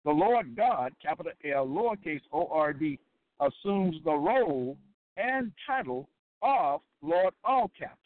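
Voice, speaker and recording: A man giving a sermon-style Bible lesson, deliberate and repetitive, often stopping to check that listeners follow. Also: on the high side, big pitch swings. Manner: deliberate and repetitive, with many fillers and check-ins. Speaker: Bible teacher. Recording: tinny phone-like line, dry.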